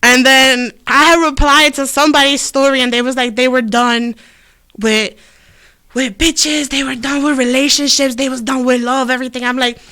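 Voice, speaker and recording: A woman hosting a casual podcast, high and a little out of breath, telling stories and acting out dialogue. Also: steady tone, normal speed. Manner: loud laughing storyteller, acts out dialogue. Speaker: podcast host. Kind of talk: casual stoner chat.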